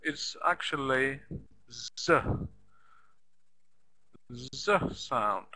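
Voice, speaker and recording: A man teaching an elementary English lesson online, speaking slowly and patiently, repeating words and spelling them out letter by letter. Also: on the high side, expressive, bright, forceful tone, low-quality recording.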